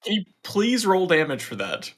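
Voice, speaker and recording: Man player, bright tone, deadpan sly delivery. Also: sits high, moderate pace. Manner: sly, deadpan in-character remarks. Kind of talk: tabletop game role-play.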